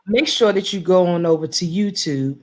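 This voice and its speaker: A woman's voice: lowish voice, normal speed. A woman co-hosting an online show in casual chat, joking and laughing easily. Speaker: co-host.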